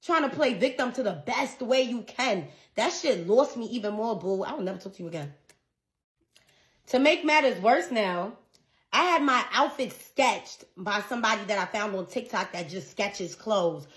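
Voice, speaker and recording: A young woman telling a personal storytime, animated and profane, exasperated as she recounts a dispute. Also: medium pitch, moderate pace. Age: young adult. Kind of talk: casual storytime rant.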